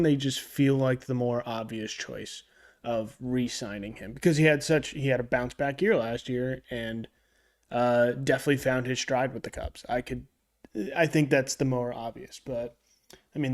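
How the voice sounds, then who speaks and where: A young man co-hosting a podcast, talking casually about baseball and often restarting his sentences. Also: medium pitch. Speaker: podcast co-host. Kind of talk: casual sports chat.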